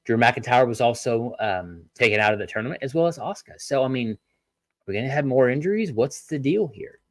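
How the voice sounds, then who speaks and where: A man hosting a solo wrestling review podcast, ranting with many rhetorical questions and pausing to apologize for his tangents. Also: mid-range voice, animated, no room sound.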